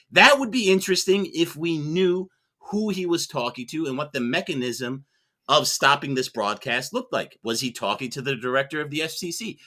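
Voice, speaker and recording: On a movie podcast, a man with a high-pitched, sharp voice plays a mock prosecutor in a comedic mock-trial argument. He's sarcastic and fires off rhetorical questions.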